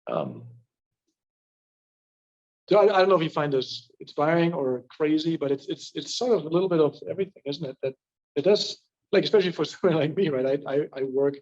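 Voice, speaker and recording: A man with a fairly high voice leads a group discussion, hesitant and often pausing to check his listeners are with him. The recording is dull and muffled, caught in a meeting room. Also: darkish tone. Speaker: discussion leader. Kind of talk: leading a group reading discussion.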